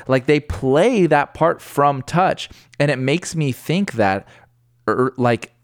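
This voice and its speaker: Excitable young man with lively pitch. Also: slow pace, no echo, clean studio sound. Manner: excitable, slangy, says "dude" and "bro" a lot. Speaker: podcast co-host. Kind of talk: casual music chat.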